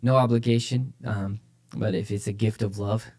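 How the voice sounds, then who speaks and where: Gravelly man, low voice, casual faith talk. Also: normal speed. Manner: animated, repeats phrases for emphasis. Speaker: podcast co-host, church leader.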